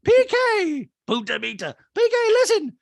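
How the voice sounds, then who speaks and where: A man putting on a mocking impression of a gushing, over-the-top rich woman in a shrill, breathless falsetto. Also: huge pitch swings, normal speed, vocal fry, no room sound, clean studio sound, exaggerated voice.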